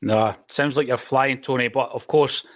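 A man's voice: mid-range voice, steady tone, moderate pace. A man hosting a podcast, chatting casually, chiming in with keen praise and pointing listeners to links. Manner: enthusiastic interjections, plugging links. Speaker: podcast host. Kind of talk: casual chat.

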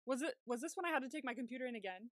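A woman's voice: on the high side, expressive, racing, no echo, clean studio sound. A young woman co-hosting a podcast in casual chat, laughing often and acting out her own reactions. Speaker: podcast co-host.

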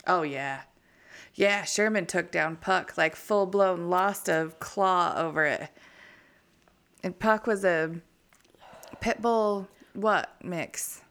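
A woman's voice: fairly low pitch, slow pace, long pauses, a bit bright. A woman in casual chat, telling stories frankly and swearing freely.

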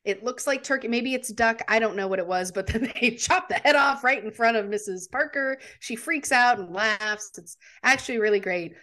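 A woman recounts scenes from a holiday movie in a lively, casual way, laughing as she talks. Her voice sits a little high. She often acts out the characters' lines in quick bits. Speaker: podcast co-host.

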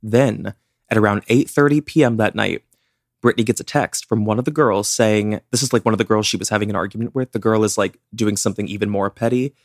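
A young man with a fairly low voice walks a listener through a true-crime case in an easy, chatty way. He keeps dropping "like" as he goes. The sound is close and dry. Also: quick pace, no echo. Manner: chatty, many "like" fillers. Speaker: podcast co-host. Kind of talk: casual true-crime storytelling.

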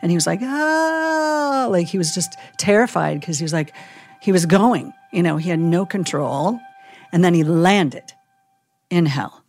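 A woman chaplain telling a vivid story in a casual podcast chat, animated and full of "like" and "you know". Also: fairly low pitch, normal speed, soft background music.

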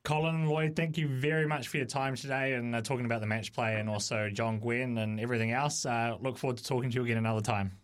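Brief: male radio host, friendly interviewer, mid pitch, dry studio sound. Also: flat delivery, fast talker, few pauses, no room sound.

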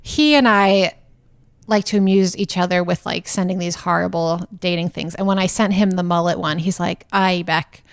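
A woman's voice: lowish voice, steady tone, moderate pace, creaky, clear, resonant tone, no room sound, studio quality. A woman co-hosting a podcast, chatting casually and telling dating stories with frequent laughs. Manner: chatty storyteller, laughs often. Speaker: podcast co-host. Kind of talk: casual chat.

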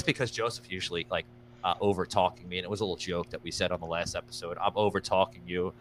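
A man's voice: low-pitched, fast, fairly bright tone. A young man hosting a casual livestream show, rambling and thanking viewers by name between many fillers. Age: young adult. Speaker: podcast host.

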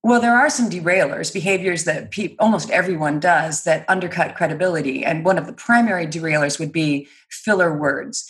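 A woman with a fairly low-pitched voice speaks as a guest in an interview. She explains points in an articulate, measured way and laughs easily between them. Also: a bit bright. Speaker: guest, speech and credibility trainer. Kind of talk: interview answers.

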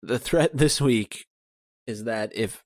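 A man's voice: medium pitch, slow pace, no room sound. Wry man co-hosting a podcast, dry sound. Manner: wry, teasing asides. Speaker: podcast co-host. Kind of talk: casual podcast chat.

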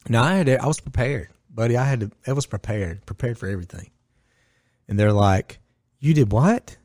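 A man's voice: mid-range voice, fairly quick, dry recording, studio quality. Blunt, profane man telling a story. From Northwest Georgia, US. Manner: blunt and profane, with lively acted-out quotes. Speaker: podcast guest, gym owner. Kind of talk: casual storytelling chat.

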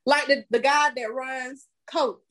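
A woman's voice: high-pitched, steady tone, takes it slowly, a bit bright, slight background noise. A woman co-hosting a casual chat, teasing her partner and explaining her view patiently. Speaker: podcast co-host.

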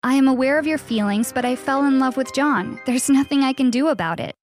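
A woman voicing a teenage girl, a former best friend who speaks softly and calmly in a scripted story. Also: sits high, a little fast, faint music behind, lightly acted. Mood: matter-of-fact.

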